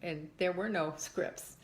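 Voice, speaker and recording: An older woman, a mother, reminiscing in an interview with lively storytelling that acts out voices. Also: lowish voice, slow pace. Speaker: mother of a former child actor. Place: home in Texas.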